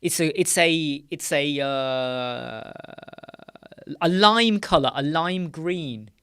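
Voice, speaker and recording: A man's voice: on the high side, lively intonation, slow, fairly bright tone, smooth, no room sound, studio quality. A British man hosting a casual live chat stream, rambling through filler words and often ending points with "right?". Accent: British English. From United Kingdom. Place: small dark room with sound panels.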